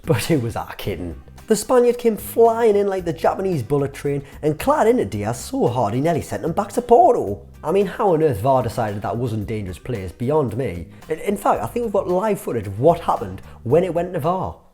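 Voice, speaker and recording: A man's voice: on the high side, sing-song, fairly quick, few pauses, mellow, soft background music. A young man hosting a comic football vlog, talking in a cheeky, sarcastic way full of banter.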